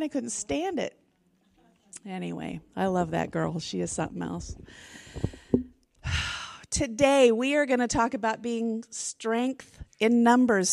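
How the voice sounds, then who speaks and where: A middle-aged woman teaching a women's Bible study in a casual, expressive way, often restarting her sentences. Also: a little high, unhurried, creaky. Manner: chatty and expressive, with frequent restarts. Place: room with a group of women.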